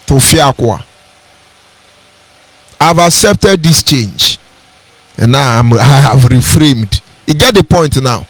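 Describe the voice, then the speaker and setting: Man, Nigerian accent, radio address, impassioned, preacherly, high-pitched, dry. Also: expressive, takes it slowly, dry recording. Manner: emphatic, preacherly, repeats key phrases. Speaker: radio broadcaster.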